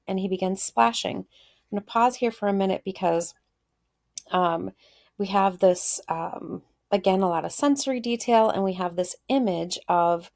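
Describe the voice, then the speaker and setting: A woman literature teacher reads a short story aloud and stops often to think aloud about it, pausing with fillers. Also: medium pitch, gravelly, a little mellow. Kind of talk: reading a story aloud with commentary.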